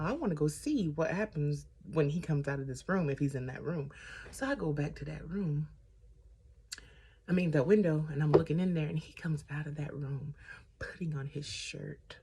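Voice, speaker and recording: A woman vlogger talks through a relaxed storytime while applying makeup, getting sidetracked and lively retelling others' words. She has a low, mellow, slightly rough voice.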